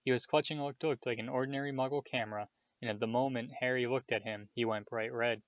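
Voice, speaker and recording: A man reading a novel aloud in a steady storytelling manner, with small slips. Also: medium pitch, fast, no room sound. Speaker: audiobook reader. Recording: dull, dry lo-fi home recording.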